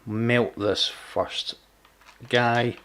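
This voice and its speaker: A man's voice: medium pitch, fairly even intonation, drawn-out words, a bit bright, a little hiss or hum. A man chatting casually while streaming a game, teasing viewers and stumbling over repeated words. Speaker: gaming streamer. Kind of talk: casual live gameplay chat.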